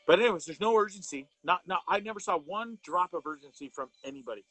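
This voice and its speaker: A man hosting a live talk show speaks with raw anger, cursing freely and tripping over repeated words as he pushes his point. His voice sits a little high for a man. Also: animated, fast, sharp tone, no room sound, faint music behind, rough recording. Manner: angry, profane, repeats and restarts words. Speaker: host of a live wellness show. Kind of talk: impassioned live commentary.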